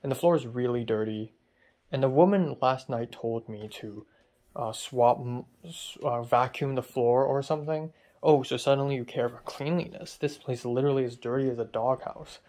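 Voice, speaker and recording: A man's voice: mid-range voice, moderate pace, a little mellow. Young man ranting in a casual vlog. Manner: frustrated ranting, swears often. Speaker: vlogger.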